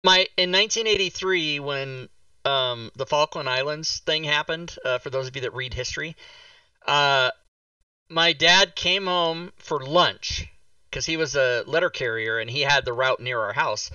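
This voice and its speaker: A man hosting a casual talk show stream, telling stories in a lively, joking way. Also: a little high, a little slow, smooth, no room sound, distant mic, dull audio. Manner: storytelling, animated, jokey. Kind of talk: casual livestream chat.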